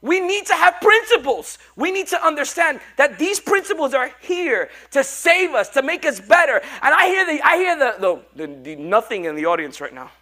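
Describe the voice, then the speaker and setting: A male pastor preaching a sermon, animated and joking as he coaxes his congregation along. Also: extremely high pitch, moderate pace, few pauses. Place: church.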